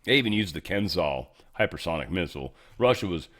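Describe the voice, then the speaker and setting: A man's voice: low voice, lively intonation, brisk, a bit bright. A middle-aged man hosting a casual political news commentary show, sarcastic and rambling, swearing freely as he reacts to headlines. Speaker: host.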